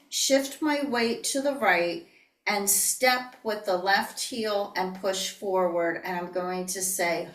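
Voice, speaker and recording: A woman instructor giving calm, breathy step-by-step movement cues in an online class. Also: mid-range voice. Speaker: yoga and tai chi instructor. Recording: roomy, distant online-class audio.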